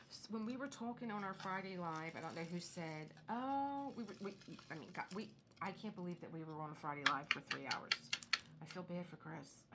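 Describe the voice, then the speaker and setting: Middle-aged woman host, chatty and rambling, slightly low gravelly voice, noisy background. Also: lively intonation, fairly quick. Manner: rambling, chatty, drifts into soft muttering. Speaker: craft video host. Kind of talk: casual chat while crafting.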